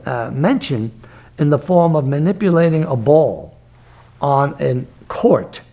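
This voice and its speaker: An older man, a martial arts grandmaster, talking emphatically and digressively in an interview, with breathy gasps between phrases. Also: on the high side, a little mellow, dull audio. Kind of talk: reflective interview talk.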